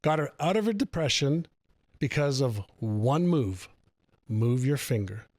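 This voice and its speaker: A man guest on an interview show, telling a personal story in an animated way and repeating phrases for emphasis. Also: mid-range voice, a little slow, dry recording, studio quality. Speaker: guest author on personal growth.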